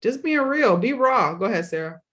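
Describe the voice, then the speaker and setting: A woman's voice: a little high, animated, brisk, fairly bright tone, lo-fi sound. A woman hosting a casual motivational talk, earnestly encouraging listeners directly. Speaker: podcast host.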